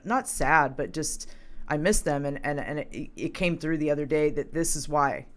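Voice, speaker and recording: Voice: medium pitch, normal speed. A host talking casually and reflectively, often stumbling and repeating words. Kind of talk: casual spiritual talk.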